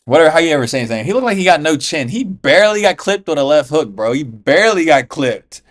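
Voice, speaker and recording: A man's voice: a little high, big pitch swings, fast talker. A man from the US, an MMA YouTuber, giving casual fight reaction commentary in slangy, profane talk, calling everyone "bro.".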